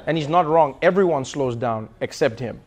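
A man's voice: a little high, normal speed. A man hosting a comedy show, giving casual commentary and acting out quotes in voices. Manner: animated, acts out quotes in voices.

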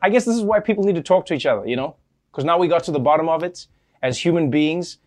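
A man hosts a comedy news segment with a slightly high voice, talking in lively bursts and sometimes tripping over his words. The banter is scripted. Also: fast talker. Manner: animated, flustered, stammering in bits. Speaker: late-night comedy news host.

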